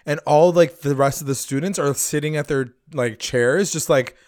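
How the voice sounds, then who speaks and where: A man recapping a TV episode in casual chat, animated, swearing often and acting out the characters' lines. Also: on the high side, normal speed, no room sound, studio quality. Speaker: podcast host recapping a TV episode.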